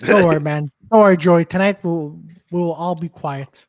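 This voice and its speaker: High-voiced man rambling through a story. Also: normal speed, a crowd in the background. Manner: rambling, repeats himself, lots of restarts. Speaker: comedian and podcast co-host. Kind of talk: casual chat, storytelling.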